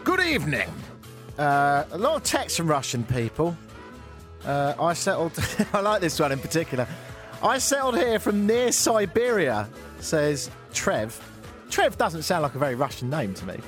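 A man's voice: fairly high pitch, big pitch swings, normal speed, faint music behind. A man hosting a talk radio show, riffing through the news in a sarcastic, ranting comic monologue. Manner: sarcastic ranting, swings from mutters to loud exclamations. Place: radio studio.

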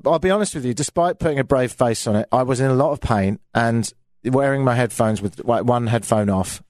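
A man's voice: mid-range voice, no echo. A man with a British accent hosting a talk radio show, chatting in a casual, self-mocking, grumbling way into a studio microphone.

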